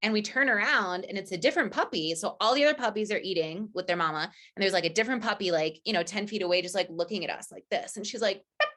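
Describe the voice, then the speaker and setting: A woman's voice: mid-range voice, fast talker, pushed and bright. A woman guest on a casual podcast, a chatty storyteller who fills her talk with "like" and acts out quoted lines.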